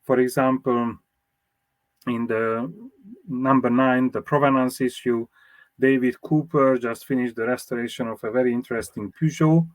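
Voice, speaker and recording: Man, historian being interviewed, English speaker, measured explanatory manner, mid pitch, dry close sound. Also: no echo. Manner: measured, explanatory, with fillers and restarts. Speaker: motoring historian and magazine publisher. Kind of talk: interview answers.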